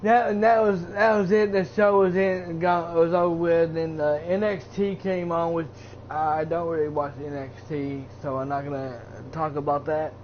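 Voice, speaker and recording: A man's voice: a little high, steady tone, moderate pace, hardly any pauses. A man who streams, giving a casual, rambling recap of a wrestling show. He uses lots of fillers and restarts his sentences. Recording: dull lo-fi with faint hiss.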